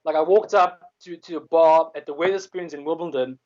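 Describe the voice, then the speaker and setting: A man with a South African accent talks in a loose, rambling way, circling back and restarting his sentences and swearing now and then. His voice sits a little high for a man. The audio is dull and lo-fi. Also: steady tone, brisk, darkish tone. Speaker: comedian guest. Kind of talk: casual chat.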